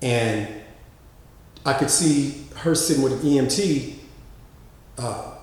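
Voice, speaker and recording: A man casually telling a story, with drawn-out fillers and lively quoted lines pitched higher. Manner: drawls, frequent uh fillers and repeats. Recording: very echoey room with long reverb.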